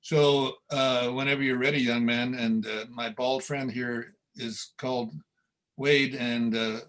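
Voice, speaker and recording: A man's voice: mid-range voice, fairly even intonation, a little slow, fairly bright tone, low-quality recording. Easygoing man hosting a chat show. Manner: easygoing, full of fillers and chuckles. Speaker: show host. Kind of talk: casual livestream chat.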